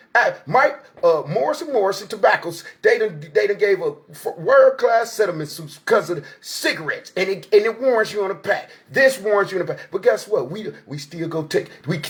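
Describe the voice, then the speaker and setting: High-pitched man in his forties, preaching street talk. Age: 40s. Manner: preachy, streetwise, rambling, swears freely. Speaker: show host. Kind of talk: casual monologue.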